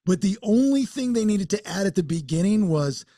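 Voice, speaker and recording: A man's voice: high-pitched, lively intonation, a little fast, warm tone, dry recording, studio quality. A man co-hosting a podcast, rambling through a casual rant and often restarting his sentences. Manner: rambling, restarts mid-thought, ranting. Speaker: podcast co-host. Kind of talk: casual chat.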